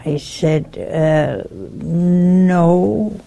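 An older religious teacher on a video show preaches informally, telling stories and slowly teasing her viewers with questions. Her voice is lowish and creaky, and crowd noise can be heard.

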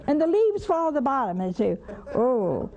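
A woman's voice: high voice, sing-song, a little fast, mellow, lo-fi sound. An older woman hosting a religious call-in show, preaching emphatically, scolding and mocking. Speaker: religious TV host taking calls.

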